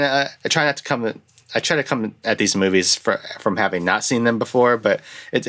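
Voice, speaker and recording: A man's voice: on the low side, a bit bright. Rambling young man chatting about a film. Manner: rambling, restarts often, swings into quoted bits. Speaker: podcast host reviewing films. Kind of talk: casual chat.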